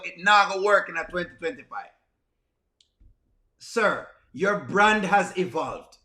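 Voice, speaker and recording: Pleading high-voiced Jamaican man. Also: bright, forceful tone, echoey room. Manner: pleading and repetitive, mixing patois with plain speech. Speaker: livestream host reacting to comedy skits. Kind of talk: casual reaction commentary.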